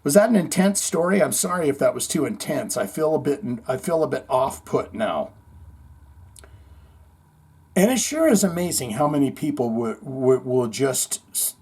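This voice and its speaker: A man hosting a podcast, telling a long story in a rambling, animated way, full of swearing and acted-out quotes. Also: mid-range voice, slightly rough. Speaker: podcast host. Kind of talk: casual storytelling monologue.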